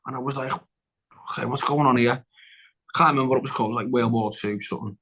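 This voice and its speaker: A man's voice: mid-range voice, steady tone, quick pace, fairly bright tone, low-quality recording. A man, a guest actor on a podcast, telling a long story in casual chat, rambling and restarting, acting out what people said. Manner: rambling, with many restarts and acted-out quotes.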